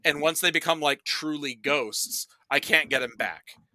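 Man, podcast guest, rambling movie recap, profane, very bright voice, close dry mic. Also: on the high side, normal speed, no room sound. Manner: rambling and profane, full of "like" and acted-out quotes. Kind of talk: casual chat, animated movie recap.

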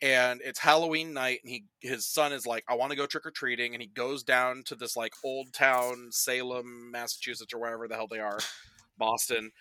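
A man's voice: mid-range voice, fairly even intonation, normal speed, sharp tone, smooth, dry recording. A man on a casual podcast, recapping movies in a rambling, profane way, full of "like" and acted-out quotes. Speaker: podcast guest reviewing movies.

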